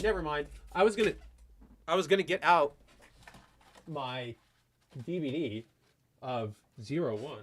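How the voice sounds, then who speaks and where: This is a man hosting a loose gaming livestream, his voice sitting a little high for a man. He rambles and stammers through restarts while reacting to viewer comments. He talks like an eager fan and swears casually. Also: measured pace, pauses often, a little hiss or hum. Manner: excitable, fan-like. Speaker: podcast host.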